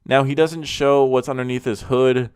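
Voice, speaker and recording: A man's voice: medium pitch, steady tone, moderate pace, a little mellow, clear, resonant tone, no echo, studio quality. Blunt, mocking young man reviewing cars. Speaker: car reviewer host. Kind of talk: profane comedic car commentary.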